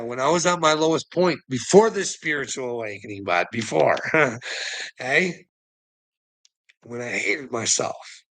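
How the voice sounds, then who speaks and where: A man's voice: medium pitch, a bit bright, poor audio. A man delivering a rambling, profane monologue as a vlogger, laughing between phrases.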